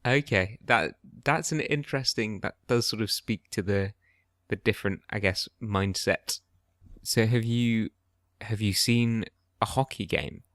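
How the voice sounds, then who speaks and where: Dry-witted young British man, low voice. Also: a little slow, a bit bright, no room sound. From Britain. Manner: dry, curious, asks playful questions. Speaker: podcast co-host. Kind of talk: casual chat.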